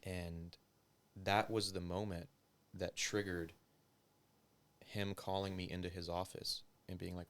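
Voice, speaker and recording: A man's voice: deep voice, little pitch movement, a little slow, a bit bright. A man, a former police officer, telling his story as an interview guest in loose, casual talk full of filler words and swearing. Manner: loose and profane, heavy use of filler words.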